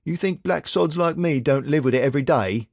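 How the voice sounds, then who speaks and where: A man voicing a shrewd, steady young male detective who talks bluntly and wryly. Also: a little high, a little fast, vocal fry, dry recording, clean studio sound, voice pushed up. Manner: blunt, wry and reassuring.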